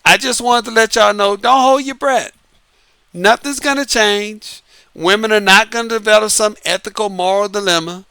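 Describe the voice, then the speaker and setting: A man's voice: high-pitched, steady tone, normal speed, vocal fry, bright, forceful tone, clear, resonant tone, dry recording. A man talking casually to his viewers in a monologue, laughing often and using slang. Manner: laughs often, uses Southern-flavored slang. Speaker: online commentary host.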